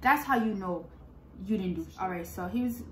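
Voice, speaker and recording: A woman's voice: mid-range voice, expressive, a little fast, a bit bright. Young woman, vlogger, blunt, profane, sassy, casual storytime, roomy echo, faint background noise. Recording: echoey room.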